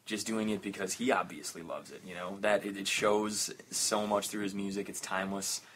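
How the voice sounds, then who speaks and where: A man with a low but bright, forceful voice speaks earnestly as a band guest on a podcast. Faint noise and room ambience sit behind him. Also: fairly even intonation, moderate pace. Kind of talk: casual chat.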